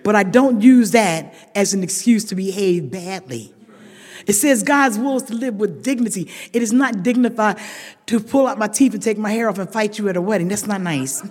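A middle-aged woman tells a story at a recovery meeting in a lively, dramatic way, talking straight to her listeners. She jumps from loud bursts to near-whispered asides. Her mid-pitched voice carries a long hall reverb. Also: moderate pace. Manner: animated, dramatic, swinging from loud outbursts to hushed asides; chatty, addresses listeners directly. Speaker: speaker sharing at a recovery meeting. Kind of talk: storytelling share to a live audience.

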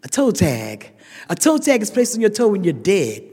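A woman speaking at a recovery meeting, telling her story with blunt humor and lively voices for the people she quotes. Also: medium pitch, normal speed, breathy edge. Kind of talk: personal recovery testimony. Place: large meeting hall. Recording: reverberant hall with long echo.

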